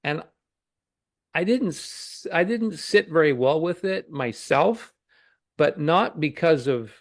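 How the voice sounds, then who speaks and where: Man, podcast guest, gravelly voice, dry close sound, hesitant reflective delivery. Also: mid-range voice, dry recording. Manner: thoughtful, hesitant, many fillers. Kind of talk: casual conversational podcast.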